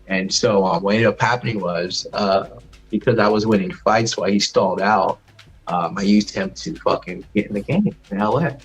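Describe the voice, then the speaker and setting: A man calling into a livestream, telling a story in a halting way full of ums and uhs. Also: fairly low pitch, slightly rough, low-quality recording. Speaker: caller. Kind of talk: casual storytelling on a call.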